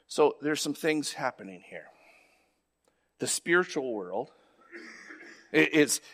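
A man delivers a sermon in a conversational, unscripted way. His voice sits high for a man, and he often repeats or restarts words before climbing into louder, more emphatic stretches. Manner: conversational preaching with frequent restarts and rising emphasis. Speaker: pastor.

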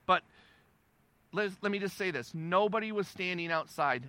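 A male pastor delivering a sermon in a conversational, emphatic way, repeating phrases for stress and swinging between quiet and loud. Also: high voice, normal speed, dry recording.

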